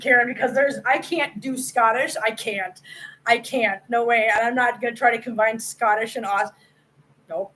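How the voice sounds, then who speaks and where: A woman's voice: on the high side, sharp tone, low-quality recording. A woman hosting a casual livestream, chatting with her viewers by name, laughing often and repeating herself for emphasis. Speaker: host of a cat channel.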